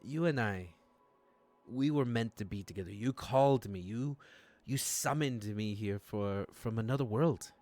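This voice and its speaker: A man's voice: fairly low pitch, unhurried, darkish tone, no room sound, faint music behind, close to an everyday voice. A man voicing a flamboyant summoned spirit with a put-on bad Spanish accent and a grand, theatrical delivery. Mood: grandiose.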